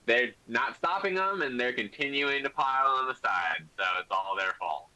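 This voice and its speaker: A man's voice: medium pitch, lively intonation, moderate pace, bright, forceful tone, rough recording. A man narrating a tabletop game as game master, rambling with many fillers. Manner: rambling, full of "like" and "um".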